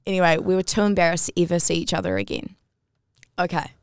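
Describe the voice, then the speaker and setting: A podcast co-host with a lowish, very animated voice tells a personal story at a quick pace during casual chat. At the big moments she rises into squeals.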